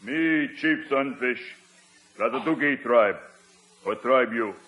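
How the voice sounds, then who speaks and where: An actor playing a solemn, halting old tribal chief who speaks in slow broken sentences, in a 1950s radio sitcom. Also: male voice, mid-range voice, lightly acted. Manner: slow, halting broken speech, theatrical pleading. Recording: dull lo-fi old radio recording.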